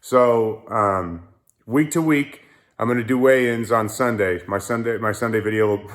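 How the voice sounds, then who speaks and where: A man's voice: medium pitch, animated, unhurried, fairly bright tone. A young man vlogging about his car build in his garage, rambling and poking fun at himself as he talks to a phone. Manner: joking, self-mocking, rambling. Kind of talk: casual garage vlog.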